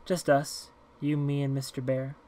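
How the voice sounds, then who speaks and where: A man voicing a timid eight-year-old girl who talks softly and quietly in an audiobook reading. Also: mid-range voice, completely flat delivery, measured pace, natural voice. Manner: soft and hushed.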